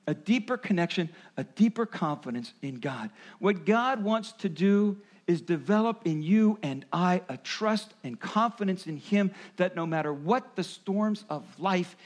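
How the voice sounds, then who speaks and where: A man preaching a sermon, explaining and acting out quoted voices as he goes. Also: high-pitched. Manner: animated, acts out voices of parents and Jesus. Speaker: pastor.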